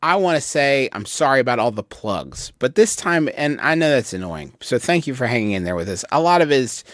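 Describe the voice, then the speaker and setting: Male comedy podcast co-host, middle pitch, dry sound, meandering sincere talk. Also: sing-song, a little fast, a bit bright, dry recording. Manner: meandering, earnest asides. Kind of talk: casual comedy podcast banter.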